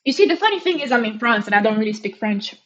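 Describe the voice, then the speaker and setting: Young woman streamer, Romanian-British accent, higher voice, giggly self-mocking chatter, muffled lo-fi sound. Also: lively intonation, quick pace, a bit bright. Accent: mixed Romanian and British. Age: young adult. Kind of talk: casual live-stream chat.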